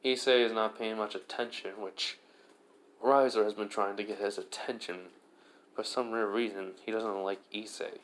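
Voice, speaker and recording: Brief: man with a fairly low voice, casual fan-story narration, rambling and loose. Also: steady tone, normal speed. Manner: rambling, many fillers and restarts.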